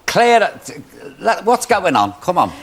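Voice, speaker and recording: Camp teasing Scouse chat show host. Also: male voice, sits high, sing-song, fairly bright tone, breathy edge. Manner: camp, teasing, quick-witted.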